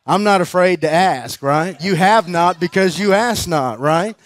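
A man's voice: high-pitched, unhurried, no room sound. A man preaching at a conference, telling a personal story in a chatty way, laughing often and full of fillers and restarts. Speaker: guest preacher. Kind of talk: sermon storytelling.

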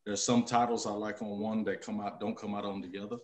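Man, podcast guest, relaxed casual talk, lowish voice, echoey room on a video call. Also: fast talker. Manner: relaxed, easygoing, fillers like "you know, man". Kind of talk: casual chat.

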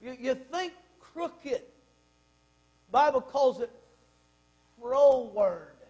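A man's voice: extremely high pitch, animated, very slow, dark tone, lo-fi sound. A man preaching a sermon as pastor, reading scripture aloud and pressing the congregation with emphatic questions. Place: church sanctuary.

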